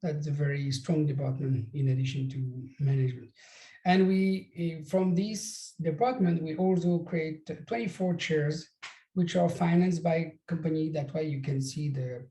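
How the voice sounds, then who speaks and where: A man's voice: a little high, warm tone, echoey room, poor audio. Man with a strong French accent. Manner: halting, many pauses and restarts. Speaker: business school recruitment director. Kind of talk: presenting an online info session.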